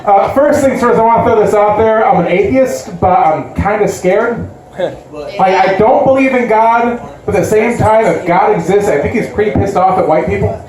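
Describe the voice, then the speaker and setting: Self-deprecating stand-up comedian, echoey club. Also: male voice, high voice, moderate pace, darkish tone. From West Side Chicago. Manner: self-deprecating, lots of likes and uhs. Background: audience laughter.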